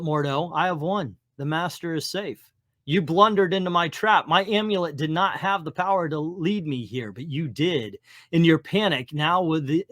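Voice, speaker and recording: A man's voice: fairly high pitch, dry recording, clean studio sound. A man declaiming as a defiant hero sorcerer. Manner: loud heroic declaiming. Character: determined young male hero sorcerer.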